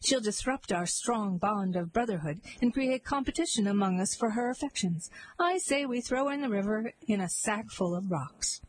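A woman's voice: medium pitch, expressive, normal speed, close to an everyday voice, rough recording. Woman doing a blunt, grim little man. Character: resentful little bearded man.

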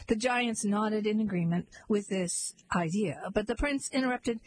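A woman's voice: mid-range voice, normal speed, few pauses, slight background noise, poor audio. A woman reading a parody fairy tale aloud with a dry, wry delivery. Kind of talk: comic storybook narration.

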